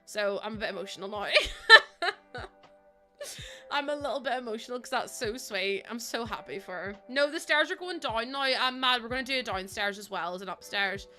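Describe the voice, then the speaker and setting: A woman's voice: a little high, quick pace, few pauses, bright, forceful tone, faint music behind. A young woman chatting casually on a game livestream, rambling and answering her chat. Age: young adult.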